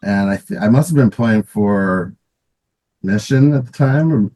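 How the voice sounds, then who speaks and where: A middle-aged man with a somewhat low voice reminisces in a loose, rambling way. He restarts his sentences, fills gaps with ums and you-knows, and chuckles as he goes. It is a relaxed interview with a former player. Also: unhurried, rough recording. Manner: rambling, many restarts and fillers, laughs often. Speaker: guest, former pro roller hockey player. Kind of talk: casual interview storytelling.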